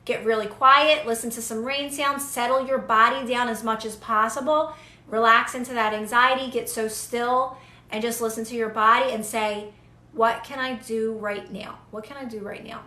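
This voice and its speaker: A woman's voice: fairly high pitch, fairly even intonation, normal speed, pushed and bright, roomy sound. A young woman giving casual, earnest manifestation advice to viewers on a live stream, repeating phrases for emphasis.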